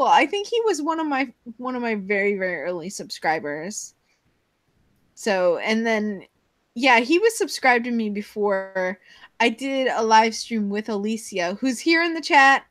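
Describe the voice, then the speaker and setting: A woman's voice: a little high, lively intonation, unhurried, dry recording. A woman hosting a casual live stream chat, rambling and giggly as she jumps between topics, heard over a video call.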